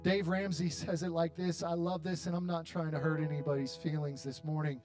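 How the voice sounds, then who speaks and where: A man in his thirties preaching a sermon to his church, building to loud, dramatic appeals with long pauses. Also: fairly high pitch, flat delivery, music in the background. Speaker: pastor. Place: church hall.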